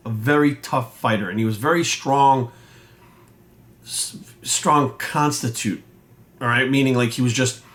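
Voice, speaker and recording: A fitness coach rants casually and bluntly to camera, swearing often and acting out the voices he quotes. His voice is medium in pitch and a bit bright.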